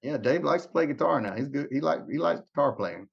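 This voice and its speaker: Lo-fi man telling an animated story. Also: fairly high pitch, a little fast, gravelly, breathy edge. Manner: animated storytelling, acts out quoted voices, many restarts. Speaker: podcast guest, songwriter. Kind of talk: emotional personal testimony. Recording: dull lo-fi audio.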